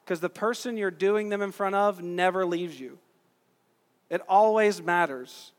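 In a church sanctuary, a high-voiced male pastor preaches from the pulpit, talking casually with listeners, posing rhetorical questions, and slowing down for emphasis. A long echo carries his words through the hall.

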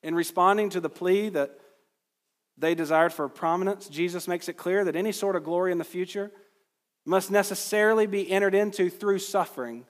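A man's voice: high voice, fairly quick, long reverb tail. A man preaching an expository sermon in an earnest, emphatic way, with his voice climbing at points of stress. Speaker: pastor.

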